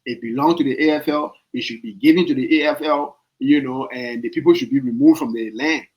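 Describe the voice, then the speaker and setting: A man's voice: medium pitch, a little fast, rough recording. A man with a Liberian accent hosting a podcast, giving opinionated political commentary with emphatic repetition and rhetorical questions. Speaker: podcast host.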